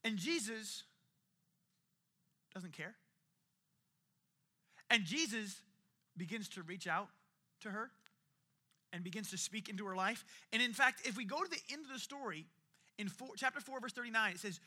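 A male pastor delivers a sermon in a casual, talkative way. His voice is high and very bright, and he slips in wry asides. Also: moderate pace, pauses often. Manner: conversational and animated, with jokey asides.

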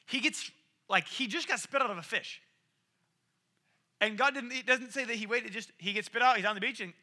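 Animated, bright-voiced male preacher. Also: sits high, moderate pace. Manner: animated, acts out quoted voices, varies loudness widely. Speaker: pastor. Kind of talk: sermon.

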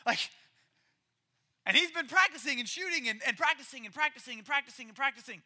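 A male preacher with an unusually high voice tells a sermon like a story. His tone is very bright and sharp, and he keeps it conversational and animated. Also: fairly quick. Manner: lively, conversational, acts out quoted characters.

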